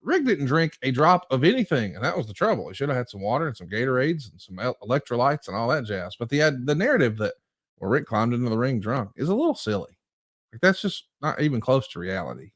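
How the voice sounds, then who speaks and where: A man's voice: medium pitch, big pitch swings, fast, dry recording. A man from the United States hosting a podcast, talking in a conversational, emphatic way. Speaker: podcast host. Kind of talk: casual podcast chat.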